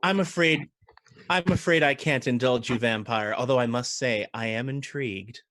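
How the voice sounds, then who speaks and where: A man voicing a flirtatious, theatrical woman for a tabletop game, teasing and coy, with a bright, forceful tone. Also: mid-range voice, normal speed, close to an everyday voice. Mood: flirty.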